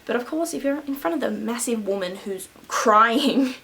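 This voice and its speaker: A woman's voice: on the high side, lively intonation, moderate pace, vocal fry, background noise. Chatty young woman telling a storytime. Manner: rambling, laughs often, lots of fillers. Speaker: beauty vlogger. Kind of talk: casual storytime.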